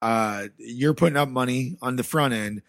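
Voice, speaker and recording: A man from the American Rust Belt tells a story in a loose, casual way and swears freely. He acts out both sides of old conversations as he goes. His voice sits at an average pitch and is picked up on a close, dry mic. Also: normal speed, fairly bright tone, no echo. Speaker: podcast guest.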